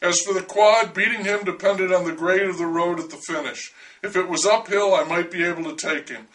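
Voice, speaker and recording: A man's voice: high voice, a little fast, fairly bright tone, distant mic, low-quality recording. A man narrating a first-person story in a dry, wry way.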